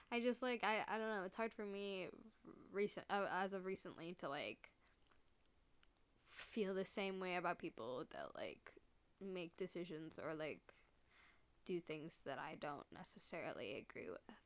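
A woman's voice: on the low side, lively intonation, a little slow. A young woman hosting a casual solo podcast, rambling with constant "like" fillers and swearing, sometimes choked up and near tears. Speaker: podcast host.

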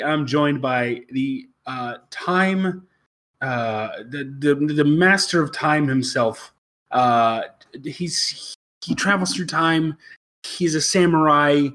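Halting, laughing podcast host, bright voice. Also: male voice, fairly high pitch. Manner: rambling, halting, laughs often. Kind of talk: casual comedy podcast chat.

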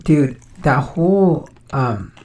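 A man with a deep, raspy voice chatting casually on a podcast, laid-back and swearing a lot. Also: animated, slow pace, a little mellow. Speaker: podcast guest. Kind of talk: casual chat.

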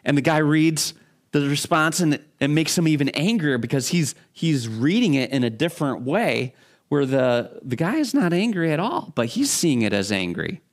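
A man preaching a sermon as a pastor, talking in a conversational, halting way with frequent restarts. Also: on the high side, big pitch swings.

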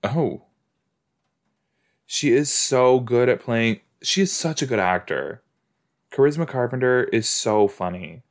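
A man's voice: medium pitch, lively intonation, slow pace, long pauses. A man hosting a podcast, reacting aloud with gushing exclamations and laughs while watching a TV episode. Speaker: podcast host.

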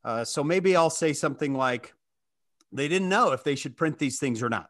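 On a podcast, a man who teaches scripture tells stories and acts out quoted lines in conversation. His voice is mid-range, brisk, and fairly bright in tone.

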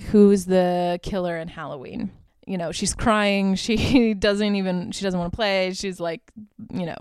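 A woman's voice: medium pitch, clean tone, dry recording. A young woman hosting a podcast, casually retelling movie scenes with lots of fillers and the odd swear word. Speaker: podcast host. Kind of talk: casual movie review chat.

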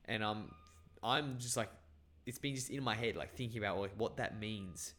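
A man's voice: lowish voice, moderate pace, fairly bright tone. A young man from Bangladesh telling a long, rambling story in casual chat, swearing and filling with "like" and "bro". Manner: rambling, profane storytelling with many fillers.

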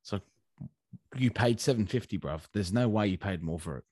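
A man's voice: lowish voice, brisk, darkish tone, dry recording. Man co-hosting, crude rambling banter, dry close mic. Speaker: podcast co-host. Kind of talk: casual chat.

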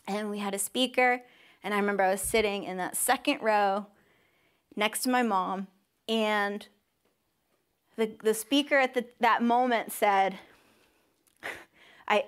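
A young woman sharing a personal testimony with a church congregation. She is emotional, near tears at times, and acts out the voices she quotes with big leaps in pitch. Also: a little slow, long pauses, clear, resonant tone. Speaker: speaker at a church service.

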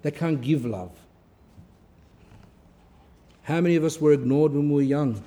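Mellow man giving a chatty spiritual talk. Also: a little high, fast, big-room sound. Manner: conversational, repeats words for emphasis, tells everyday anecdotes. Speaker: religious teacher giving a talk.

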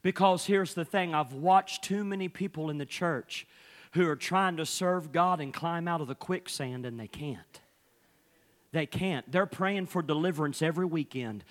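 A man's voice: a little high, normal speed. A male pastor preaching a fervent sermon, opening nearly every phrase with "uh".

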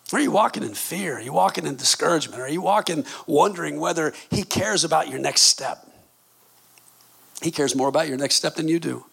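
Gravelly, bright-voiced preacher in his fifties. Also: fairly quick. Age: 50s. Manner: passionate, swings from low intimate tones to shouted exclamations. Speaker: pastor. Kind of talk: sermon.

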